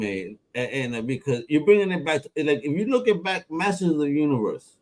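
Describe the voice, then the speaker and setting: A man hosting a casual podcast interview, animated and slangy, laughing often and acting out quotes. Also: a little high, fairly quick, low-quality recording. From New York. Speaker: podcast host.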